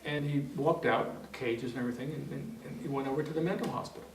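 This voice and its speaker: Formatore che racconta in una sala con eco. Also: male voice, medium pitch, quick pace. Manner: rambling, many fillers and restarts, chuckling storyteller. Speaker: NLP trainer. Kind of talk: anecdote told in a training seminar. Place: training room. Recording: roomy hall, distant mic, faint noise.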